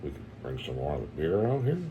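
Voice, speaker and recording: A man hosting a casual chat, playful and quick to slip into put-on voices and quotes. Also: a bass voice, big pitch swings, dark tone, lo-fi sound, slight background noise. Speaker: podcast host.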